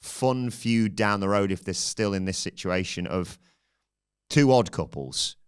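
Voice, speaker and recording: Man, very deep voice, smooth and clear, podcast host, rambling commentary. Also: measured pace. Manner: rambling, thinking aloud.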